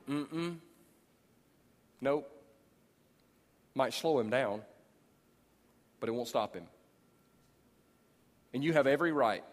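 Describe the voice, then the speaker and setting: A man in his forties preaching a sermon as pastor, animated and jokey, acting out people he talks about. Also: mid-range voice, slow pace, pauses often. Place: large church auditorium. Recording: long hall reverb.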